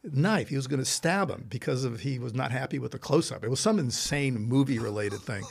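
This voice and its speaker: A man hosting a casual chat, telling long, animated anecdotes full of restarts and asides. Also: mid-range voice, fairly quick, vocal fry, breathy edge. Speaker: host.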